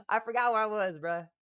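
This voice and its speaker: A woman hosts a live stream in loose, profane chat, drifting from one thought to the next and laughing as she goes. Her voice is smooth and a little low-pitched, with a dry, close sound. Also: no room sound. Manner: rambling and profane, laughs often.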